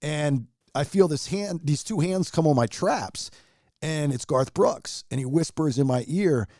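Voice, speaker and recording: Man, radio personality guest, heartfelt rambling story, mellow slightly high voice. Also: expressive, a little slow, no echo, studio quality. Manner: heartfelt, rambling, restarts, emotional. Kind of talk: casual storytelling chat.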